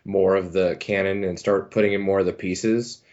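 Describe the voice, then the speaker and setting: A man with a very low, deep voice, musing aloud in a casual podcast chat and wandering through his points with lots of fillers. The audio is dull and lo-fi. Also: level tone, normal speed, darkish tone. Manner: thoughtful, rambling, many fillers. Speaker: podcast co-host.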